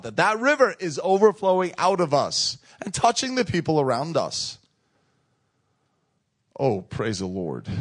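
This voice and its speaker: A man preaching a sermon, emphatic and repeating phrases for effect, calling on the congregation to respond. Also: on the high side. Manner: calls on the crowd to respond.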